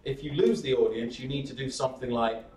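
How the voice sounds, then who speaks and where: A man presenting a startup workshop, lively and chatty, acting out audience members with laughing asides. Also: mid-range voice, fast talker, slight background noise. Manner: animated, acts out audience reactions with laughing asides. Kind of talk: presentation skills workshop talk. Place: workshop room. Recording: roomy echo from a distant mic.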